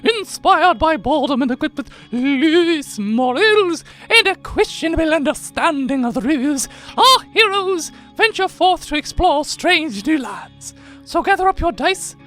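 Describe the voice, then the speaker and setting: A woman's voice: high voice, a bit bright. A woman reading a playful scripted show intro. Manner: playful storytelling. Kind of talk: scripted narration.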